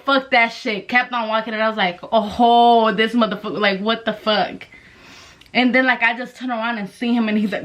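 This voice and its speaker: A young woman telling a story casually to the camera, swearing constantly and acting out voices with animated energy. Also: mid-range voice. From Mexican-American. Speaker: vlogger.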